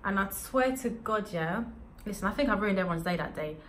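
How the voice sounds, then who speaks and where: A young adult woman telling a storytime vlog in an animated, slangy way. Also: mid-range voice, fairly quick. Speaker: vlogger.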